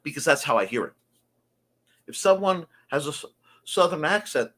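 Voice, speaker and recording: A man's voice: fairly high pitch, expressive, normal speed, a bit bright. A man hosting a creative morning show, talking earnestly and confessionally in a folksy way. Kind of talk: reflective monologue.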